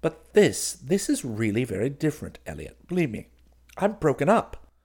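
A man's voice: mid-range voice, sing-song, moderate pace, a little mellow, breathy edge, voice pushed up. A man voicing a lovesick young male art student who pleads in a plaintive, rising voice. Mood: pleading. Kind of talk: audiobook character reading.

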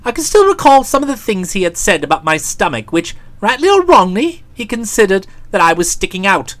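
A woman's voice: mid-range voice, sing-song, a little fast. A woman narrating a comic novel aloud in a dry, wry storytelling manner. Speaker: audiobook narrator.

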